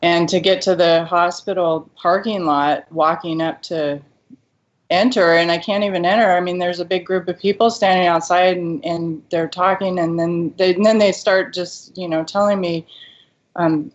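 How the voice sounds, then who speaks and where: A woman with a lowish voice tells her own story as an interview guest, acting out what other people said along the way. The recording is dull and lo-fi. Her account is full of fillers and restarts. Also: fairly even intonation, normal speed. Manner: retells events, voicing what others said. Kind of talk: personal account.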